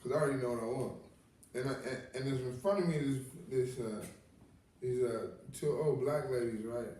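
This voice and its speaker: Blunt profane comedian in an echoey room. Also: male voice, mid-range voice, brisk, mellow, a little hiss or hum. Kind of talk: casual comedic chat. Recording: echoey room, distant mic.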